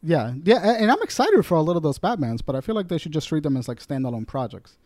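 Casting: man, fairly high and lively voice, quick eager talker, dry close sound. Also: dry recording. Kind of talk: casual podcast chat.

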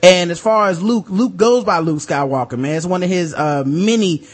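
A man's voice: sits high, moderate pace. A man co-hosting a podcast in casual chat, brash and teasing with provocative jokes. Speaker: podcast co-host.

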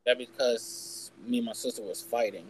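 In this poor-quality recording with some hiss or hum, a young podcast host chats casually through a candid personal story. He curses without restraint and imitates the people involved. His medium-pitched delivery is moderately paced with fairly even intonation.

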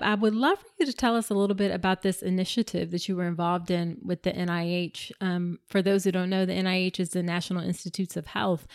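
A woman hosting a podcast as a maternity care provider, speaking casually and affirmingly with frequent fillers. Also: lowish voice. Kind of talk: conversational interview.

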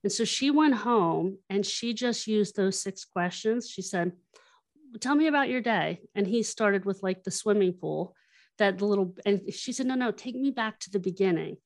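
A woman guest, a workshop trainer, explaining her methods and telling stories, acting out quoted lines in an animated way. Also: medium pitch, normal speed. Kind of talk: explanatory interview talk.

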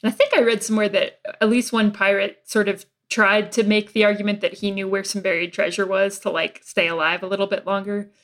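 A woman guest on a podcast, relaxed and thoughtful, using casual fillers. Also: mid-range voice, brisk, few pauses. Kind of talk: casual chat.

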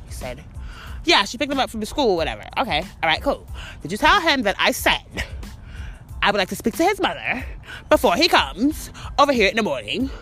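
A woman hosting a podcast, telling a story in a heated, profane rant that swings between outbursts and calmer stretches. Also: mid-range voice, a little fast, soft background music. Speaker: podcast host. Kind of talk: ranting monologue.

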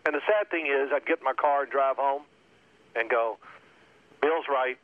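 An older man in his sixties tells stories in an animated, casual way and keeps slipping into other voices for his quotes. The sound is thin and narrow, like it is coming through a phone. His pitch sits in the middle. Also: normal speed, no echo. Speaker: guest, former pro quarterback. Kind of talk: casual storytelling. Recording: phone-like line.

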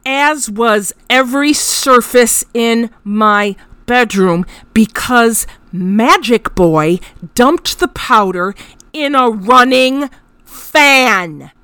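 A woman's voice: on the high side, drawn-out words, clear, resonant tone, no echo. A woman in her thirties hosting a podcast, telling a story about her son in a wry, self-mocking way. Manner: wry, self-mocking, animated when exasperated. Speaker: podcast host. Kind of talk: storytelling monologue.

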